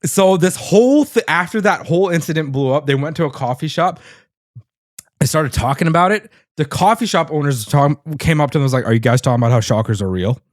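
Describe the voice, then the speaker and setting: A man's voice: a little high, animated, fast, no echo, clean studio sound. A man co-hosting a casual podcast, telling a story with lots of energy, laughing often and swearing casually. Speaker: podcast co-host. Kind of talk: casual chat.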